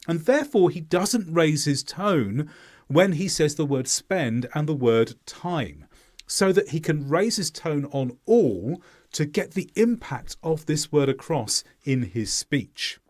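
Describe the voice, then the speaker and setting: A man teaching English pronunciation in a clear, deliberate explaining voice-over. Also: on the high side, a little mellow.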